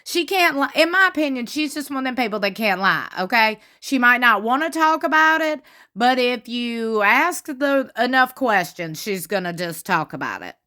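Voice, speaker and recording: A woman giving chatty, gossipy commentary on a reality show, retelling what was said with lively emphasis. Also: a little high, moderate pace. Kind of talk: casual commentary.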